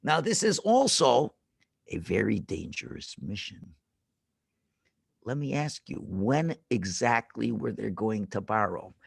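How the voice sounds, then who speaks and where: A rabbi telling a lesson story to children over a video call, dramatic and full of questions to the kids. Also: male voice, fairly low pitch, big pitch swings, slow pace, creaky, breathy edge, dry recording, studio quality.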